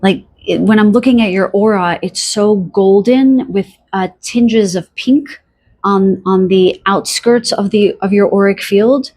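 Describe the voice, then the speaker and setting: A woman giving a pick-a-card tarot reading, talking softly and dreamily to the listener, with many fillers, pauses and restarts. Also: mid-range voice. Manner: addresses the listener directly. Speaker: tarot reader.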